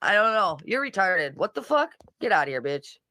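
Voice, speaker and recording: A woman's voice: mid-range voice, very animated, normal speed, pushed and bright. A woman hosting a casual livestream, reading comments and mocking people in a brash, profane way. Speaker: livestream host.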